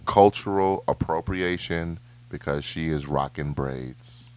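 A man hosting a casual podcast chat, counting down in a slow, deliberate way. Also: rumbling low, a little mellow. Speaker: podcast host.

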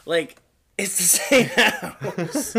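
Low-voiced snarky woman podcaster. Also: expressive, drawn-out words, gravelly, crowd noise. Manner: snarky, laughs often, mocks characters in put-on voices. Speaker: podcast co-host. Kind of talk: casual chat.

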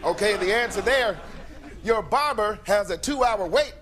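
A man's voice: sits high, lively intonation, moderate pace, music in the background. An actor playing a joking male game show host in a comedy sketch, delivering punchlines through laughs. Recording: clip played back with background noise.

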